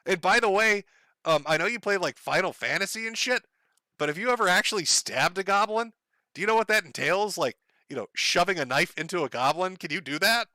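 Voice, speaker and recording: A man's voice: sits high, expressive, a little fast, pushed and bright, no room sound, voice pushed up, full character voice. A man doing a blunt, mocking reality check. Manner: mocking, matter-of-fact lecturing.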